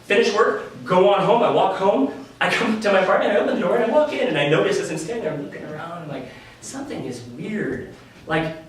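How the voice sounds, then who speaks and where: A man tells a personal story to a live audience, candid and animated. His voice sits a bit high and swings widely in pitch. The sound is very echoey and distant, with faint room noise behind him. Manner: animated, candid, laughs often. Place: live venue stage.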